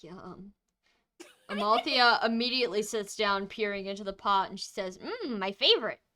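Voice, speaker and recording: A woman's voice: medium pitch, fairly even intonation, normal speed, bright, forceful tone. A woman narrating a tabletop game as game master, with a casual, joking delivery.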